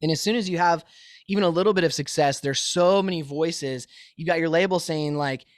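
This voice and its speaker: A male musician being interviewed over a remote call from his home studio, telling stories in a lively, easily laughing way. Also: on the high side, brisk, no room sound. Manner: animated storyteller, laughs easily. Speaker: musician guest. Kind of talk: casual interview chat.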